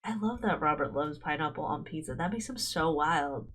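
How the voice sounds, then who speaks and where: A woman's voice: deep voice, expressive, moderate pace, fairly bright tone. A young woman streamer reading a dating game aloud, playful and giggly, breaking into commentary. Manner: giggly, playful, frequent laughter. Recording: faint game music behind.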